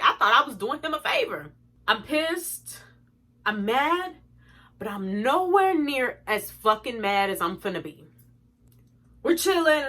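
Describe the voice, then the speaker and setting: A young woman telling an exasperated storytime to her viewers, animated and swearing freely. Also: a little high. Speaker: vlogger. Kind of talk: storytime vlog.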